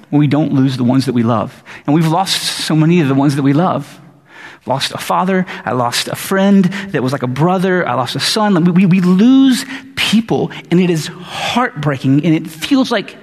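A man preaching a casual, animated sermon, full of playful asides and stumbling restarts. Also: on the high side, slightly rough, long reverb tail. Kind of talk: conversational sermon.

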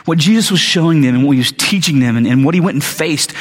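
A man delivers a relaxed, conversational sermon and slips into quick impressions of the people in his stories. His voice sits a little high and sounds husky. The sermon rings with the long reverb of a big hall. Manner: casual slangy storytelling, acts out the people he quotes. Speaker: pastor.

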